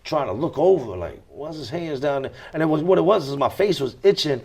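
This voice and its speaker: A man's voice: a little high, lively intonation, a little fast, gravelly, a little mellow, breathy edge. A man as a podcast guest, telling his life story candidly and with emphasis, often repeating key phrases and swearing freely.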